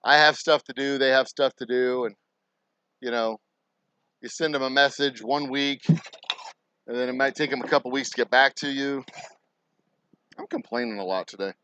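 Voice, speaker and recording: A man's voice: medium pitch, moderate pace, pauses often, clear, resonant tone, no room sound, poor audio. A man, a distillery owner, ranting and swearing in a casual vlog at his distillery. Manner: profane, ranting, animated.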